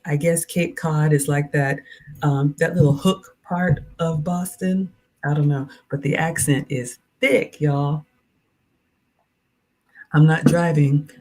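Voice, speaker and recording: Southern lady livestreaming, low warm voice, chatty and playful, reads viewer comments out loud. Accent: Southern American. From American South. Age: middle-aged. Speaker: cooking and lifestyle livestreamer. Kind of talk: casual livestream chat with viewers.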